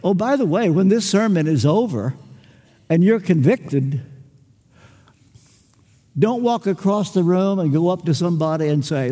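An older man delivers a sermon with emphatic, measured phrasing. He acts out small dialogues between people and lets long pauses hang. His voice is high but mellow, ringing in a reverberant hall. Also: animated. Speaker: preacher.

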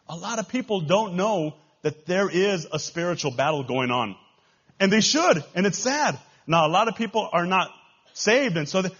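A man with a Texan accent preaching a sermon as pastor, swinging between loud rises and quiet drops. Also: sits high, breathy edge, lo-fi sound. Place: church.

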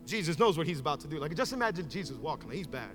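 A man preaching a sermon in a church, moving from casual storytelling to shouted, fervent exhortation. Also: a little high, big pitch swings, rapid-fire, over music. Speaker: pastor. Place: church sanctuary with congregation.

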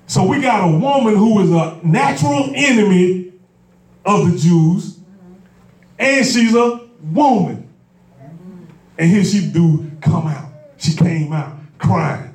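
Man, sermon, high voice, folksy and repetitive, swells into shouts, echoey church, mic set far off. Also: animated, slow pace, long pauses. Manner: folksy, repetitive preaching that builds to shouted exhortation. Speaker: preacher. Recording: echoey room picked up from a distance.

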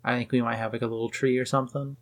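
Gravelly-voiced young podcast co-host. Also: medium pitch, very fast. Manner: relaxed, wry, many "like" fillers. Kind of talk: casual anime recap chat.

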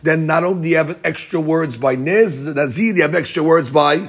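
A man's voice: fairly high pitch, a little fast, gravelly, breathy edge. A man teaching a Talmud class, explaining a passage to students emphatically and repeating his points as he goes.

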